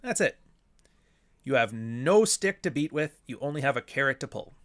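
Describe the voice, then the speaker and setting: A man of middle pitch hosting a casual livestream and answering chat. He talks bluntly and swears freely, with a sardonic edge. He keeps putting rhetorical questions to himself and then answering them. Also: sing-song, normal speed, fairly bright tone. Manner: asks and answers his own rhetorical questions.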